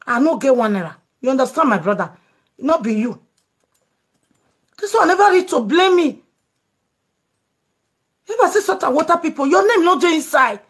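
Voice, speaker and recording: A woman's voice: high-pitched, sing-song, moderate pace, pauses often. A Nigerian woman hosting a live show, taking calls and talking emphatically in pidgin. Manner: emphatic, pleading. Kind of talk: Pidgin live-stream chat with callers.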